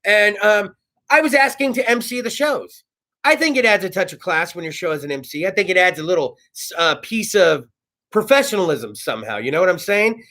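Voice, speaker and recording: Talk-show host, male, 30s: high, gravelly, lively voice, rambling and profane. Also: brisk. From California. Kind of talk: casual monologue. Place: studio.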